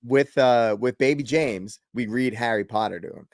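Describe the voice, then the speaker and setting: A man's voice: mid-range voice, moderate pace, no echo. A young man from the Boston area, co-hosting a casual sports chat in a rambling, laughing way. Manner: relaxed, rambling, laughs often. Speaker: podcast co-host.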